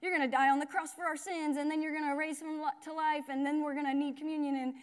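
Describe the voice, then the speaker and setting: A woman's voice: sits high, flat delivery, fast. A young woman giving a casual, conversational sermon with lots of fillers and asides. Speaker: speaker at a church gathering.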